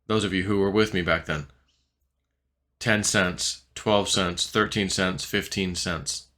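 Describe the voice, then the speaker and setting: A man's voice: low-pitched, steady tone, slow, pushed and bright. A man vlogging about crypto in a rambling, casual monologue full of fillers. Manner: rambling, filler-heavy, restless talk.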